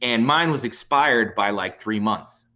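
A man, a comedian, telling a story in casual chat, animated and swearing freely. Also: fairly low pitch, measured pace. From United States. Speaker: comedian guest.

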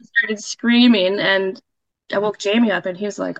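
A woman's voice: mid-range voice, fairly even intonation, moderate pace, no room sound, dull audio. A woman casually telling a personal story as a podcast guest, chatty, with fillers and laughs.

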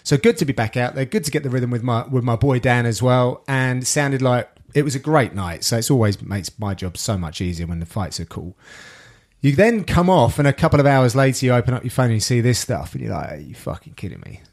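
A man hosting a podcast, telling stories in casual chat with animated, sweary delivery. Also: medium pitch, fairly quick. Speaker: podcast host and sports commentator.

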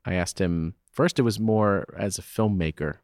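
A theater owner and festival director in his thirties guests on a conversational interview podcast, his very deep voice a little mellow at a normal speed. He makes his case emphatically, often tossing in "right?" to drive points home, and the recording is dry and close with no room sound.

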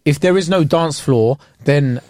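A young British man, co-hosting a casual podcast chat, expressive and telling stories with laughs. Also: a little high, a little slow, no echo, studio quality. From Britain. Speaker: podcast co-host.

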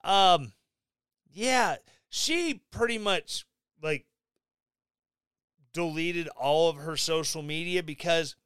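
A sarcastic male commentator with a high, bright voice that jumps up and down in pitch as he mocks the news. He talks at an unhurried pace with a smooth, crisp tone, recorded close and dry with no room sound. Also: no room sound. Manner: sarcastic, mocking, animated asides. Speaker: commentary vlogger.

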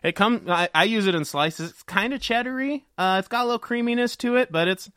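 A man hosting a podcast, joking loudly with friends, laughing and swearing often. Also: high-pitched, brisk, clean tone, no echo, studio quality. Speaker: podcast host. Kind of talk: casual banter among friends.

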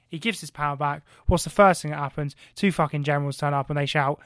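An excitable man spinning a comic history tale on a podcast. He swears freely and keeps firing rhetorical questions, in a slightly high voice recorded dry and close to the mic. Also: fast, few pauses, dry recording. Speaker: podcast co-host. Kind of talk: animated comic history storytelling.

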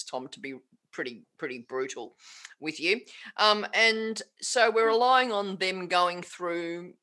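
A woman's voice: lowish voice, sharp tone. An Australian woman, a tax agent, chatting candidly in an interview, rambling with frequent restarts and self-corrections.

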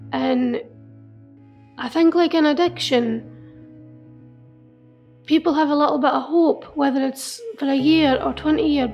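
A woman telling an emotional personal story in an earnest, halting way, often repeating herself. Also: high voice, creaky, dull audio. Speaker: interviewee. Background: soft music.

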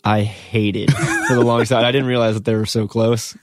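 A man's voice: mid-range voice, animated, normal speed, no room sound, studio quality. A man in casual chat, adding chuckling asides to the conversation.

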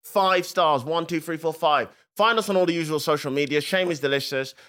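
A man's voice: on the high side, brisk, a bit bright. A man co-hosting a comedy podcast, bantering in a playful, joking way. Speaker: podcast co-host. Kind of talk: casual comedic chat.

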